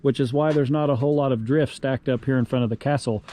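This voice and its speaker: Joking young carpenter on a cold job site. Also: male voice, mid-range voice, steady tone, quick pace. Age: young adult. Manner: joking, easygoing, explains as he works. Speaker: carpenter and vlog host. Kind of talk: casual on-the-job vlog chat. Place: outdoors on a cold construction site by a river. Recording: outdoor noise, loud work-site ambience.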